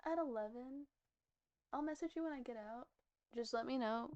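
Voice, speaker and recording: Woman streamer, a little high-pitched, casual and chatty, talking to her viewers while she crafts. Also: normal speed, darkish tone, no echo, dull audio. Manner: chatty, answering viewers and saying goodnights. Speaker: livestreamer. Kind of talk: casual live-stream chat while crocheting.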